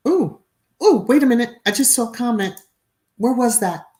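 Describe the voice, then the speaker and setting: A woman's voice: on the high side, expressive, normal speed, dark tone. A middle-aged woman hosting a casual live stream, reading viewer comments aloud, laughing often and breaking into little sung phrases.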